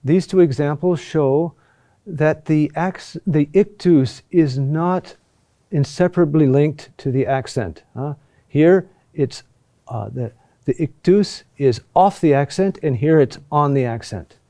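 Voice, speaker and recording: A man teaching a recorded lesson on chant rhythm, talking deliberately with pauses and "huh?" checks. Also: fairly high pitch, dark tone.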